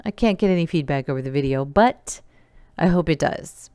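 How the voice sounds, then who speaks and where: A woman's voice: deep voice, animated, moderate pace, a little mellow, clear, resonant tone, no echo, clean studio sound. A woman teacher giving a recorded remote lesson, explaining each step patiently and counting elements aloud.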